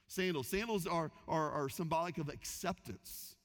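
A man's voice: a little high, normal speed. A middle-aged man preaching a sermon, telling a story and acting out the voices in it. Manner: animated, acts out quoted voices. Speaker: pastor. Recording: hall reverb.

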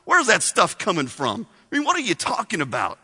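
A man's voice: high voice, big pitch swings, normal speed, bright, forceful tone, heavily acted. A man voicing a hardened, sarcastic woman who mocks a stranger, speaking in a reverberant hall. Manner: mocking, tough, sarcastic. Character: sarcastic hardened woman, smart-aleck villager.

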